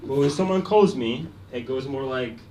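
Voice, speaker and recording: A young man from Poland, doing a deadpan, self-deprecating stand-up set on a comedy club stage. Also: medium pitch, moderate pace. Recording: echoey club, mic at a distance, loud noise. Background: audience laughter.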